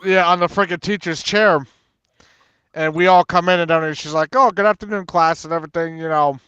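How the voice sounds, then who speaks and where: A man's voice: a little high, flat delivery, brisk, fairly bright tone, smooth, no room sound, lo-fi sound. A man on an open talk panel, telling a school story in casual chat, rambling and full of fillers. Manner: rambling, filler-heavy storytelling, lots of "and everything".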